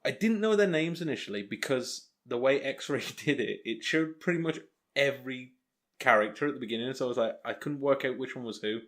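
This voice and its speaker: A man's voice: medium pitch, lively intonation, brisk, a bit bright. A young man co-hosting a podcast, recapping an episode in a rambling, joking way with lots of ums. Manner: rambling recap with self-mocking jokes and frequent ums. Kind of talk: casual podcast chat.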